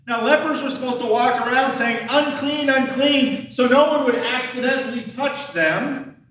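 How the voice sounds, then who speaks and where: A man's voice: extremely high pitch, moderate pace, crowd noise. A man preaching a sermon as pastor, talking conversationally and acting out the questions and lines of the people in his story. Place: church sanctuary. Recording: roomy church hall from a distance.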